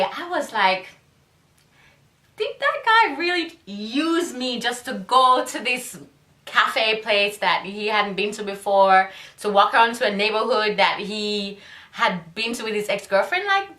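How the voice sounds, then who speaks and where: A Jamaican woman vlogs a dating story in a lively way, laughing often and adding quick asides. Her voice is bright and forceful, and the room gives it a noticeable echo. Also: on the high side. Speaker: vlogger. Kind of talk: casual storytelling to camera.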